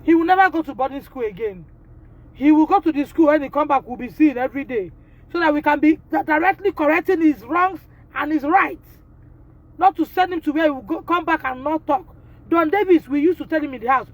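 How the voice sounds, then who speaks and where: Indignant Nigerian mother with a high voice who drives her points home by repeating them. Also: a little fast. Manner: emphatic and indignant, repeating phrases, addressing the school directly. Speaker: mother of a pupil. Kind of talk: impassioned live video appeal.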